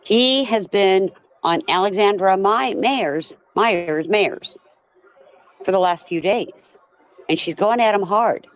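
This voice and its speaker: A woman's voice: medium pitch, takes it slowly, a little hiss or hum. A woman hosting a panel chat, making blunt, short remarks. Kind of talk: casual chat.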